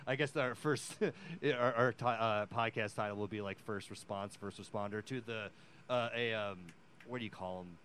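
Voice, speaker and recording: A man co-hosting a podcast in casual chat. He talks loudly and rambles, with many fillers and restarts. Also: fairly low pitch, moderate pace, slight background noise. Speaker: podcast co-host.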